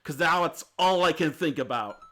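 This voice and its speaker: Jokey guy streamer reading a dating game, bright voice, kinda high. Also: expressive, normal speed, faint music behind. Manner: playful, jokey asides.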